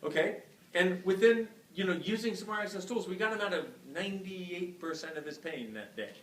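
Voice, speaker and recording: A man giving a live talk to a class, telling a story in an animated way, swearing freely and acting out the people he quotes. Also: high-pitched, fairly quick. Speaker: workshop facilitator. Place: class venue hall. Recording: echoey room from far off with faint noise.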